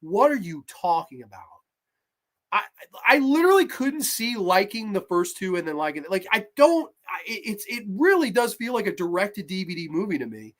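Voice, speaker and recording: A woman's voice: mid-range voice, big pitch swings, moderate pace. A woman hosting a horror movie review, ranting in a sarcastic, exasperated and heavily profane way.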